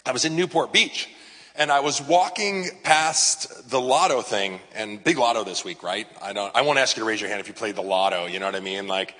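A man's voice: fairly low pitch, fairly quick, sharp tone, in a large hall. A man, a pastor, preaching in a casual, conversational way with frequent fillers and asides. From Southern California. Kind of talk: sermon.

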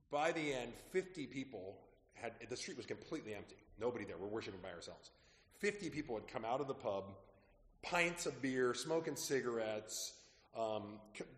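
A man preaching as a pastor, telling stories in a lively, conversational way that drops quietly at asides. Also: mid-range voice. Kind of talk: sermon storytelling. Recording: echoey hall with long reverb.

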